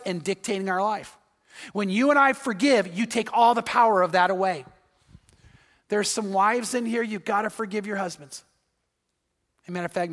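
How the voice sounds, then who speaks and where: A man's voice: sits high, fairly bright tone, in a large hall. A male pastor delivering a sermon, earnest and storytelling, acting out the voices in his stories. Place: church sanctuary.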